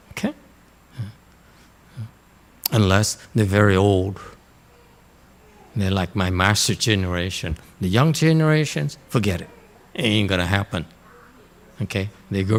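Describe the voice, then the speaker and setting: A man teaching Chan meditation to students in a Dharma lecture, blunt and direct, often pausing to check in. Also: on the low side. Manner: blunt, frequently checks in with "Okay?".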